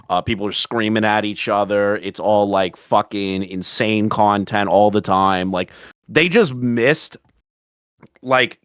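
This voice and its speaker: Man, fairly low voice, dry close sound, rambling podcast storyteller, lots of swearing. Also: a bit bright, clear, resonant tone, dry recording. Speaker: podcast co-host. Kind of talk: casual podcast chat.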